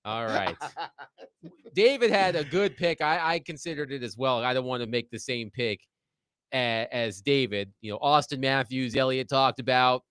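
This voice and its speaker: A man's voice: mid-range voice, moderate pace, a bit bright, smooth, dry recording, clean studio sound. A man hosting a sports talk show, steadily moderating the panel's picks.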